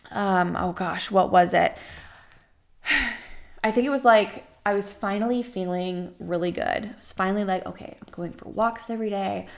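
A woman's voice: fairly low pitch, gravelly. A young woman coaching her listeners in a motivational podcast, emphatic and repetitive. She slips into her own complaining inner voice and back out again. She is pregnant and talks like a coach to women. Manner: emphatic, repeats phrases, acts out her inner voice. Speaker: business coach.

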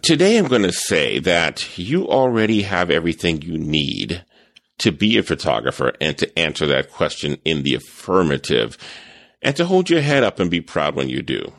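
A podcast host talks in a deep, gravelly voice that moves a lot in pitch as he tells stories and acts out other people's lines. He rambles, restarting and stuttering as he goes. The recording is dry and close. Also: moderate pace, no room sound. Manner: animated, acts out quoted voices. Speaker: podcast host and photography teacher. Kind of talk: casual podcast monologue.

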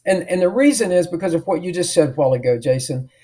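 A man's voice: sits high, animated, quick pace, warm tone. A middle-aged man, an author and podcast guest, telling a story emphatically and acting out the dialogue he remembers. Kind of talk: storytelling in an interview.

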